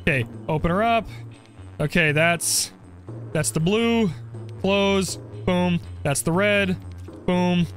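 A young man commenting on his game play, joking and getting excited as he goes. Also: high-pitched, slow pace, pauses often, faint music behind. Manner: jokey, excitable, role-plays as the character. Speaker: gaming video creator.

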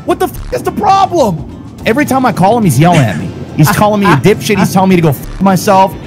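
A man with a high voice that swings widely up and down, ranting in character during a crime-city roleplay. He is exasperated and swears constantly, and music plays behind him. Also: sing-song, fast talker, darkish tone. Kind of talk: heated in-character rant.

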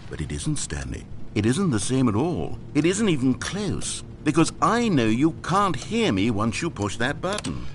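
A man's voice: vocal fry, a little hiss or hum. An actor voicing a lonely, wry male narrator who addresses the player in a plaintive, musing monologue for a video game. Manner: plaintive, musing monologue with sudden pitch swings. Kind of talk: game voice acting.

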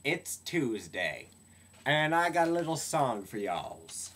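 A wizard rock singer who gives a short spoken greeting, then sings a comic song with slow, drawn-out phrasing. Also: medium pitch, big pitch swings, a bit bright, slightly rough.

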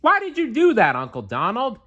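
A man voicing an earnest young duck nephew from a storybook, far higher than his own voice. He sounds eager and helpful. The pitch leaps about in lively swings. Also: moderate pace, lo-fi sound, exaggerated voice. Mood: puzzled.

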